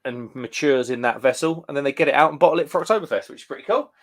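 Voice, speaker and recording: A man's voice: medium pitch, rapid-fire. A British man co-hosting a casual beer live stream, chatty and enthusiastic, reading out viewer comments. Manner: chatty and enthusiastic, lots of "um" and restarts.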